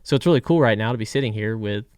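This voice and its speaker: A man in his thirties from Florida, a guest driver telling stories in a relaxed, candid way with frequent trailing pauses. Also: fairly low pitch, clean tone, dry recording, studio quality. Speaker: guest race car driver. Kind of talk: casual storytelling.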